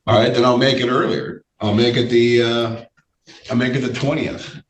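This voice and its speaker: A male judge with a voice he says is giving out, speaking in a measured way, often repeating phrases and using fillers during a courtroom hearing. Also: medium pitch, little pitch movement. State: losing his voice. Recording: echoey room, distant mic, faint noise.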